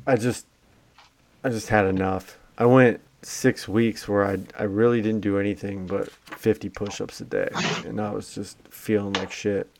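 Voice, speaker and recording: Low-voiced man chatting casually. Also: steady tone, moderate pace, vocal fry, a little mellow, slight background noise. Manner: blunt, profane, joking. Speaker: podcast co-host. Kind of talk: casual chat.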